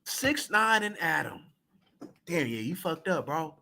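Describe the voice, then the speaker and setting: A man's voice: a little high, big pitch swings, a little slow, creaky, bright, forceful tone, slight background noise. A man hosting a reaction stream, talking bluntly in slang and repeating lines for emphasis. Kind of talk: casual reaction commentary.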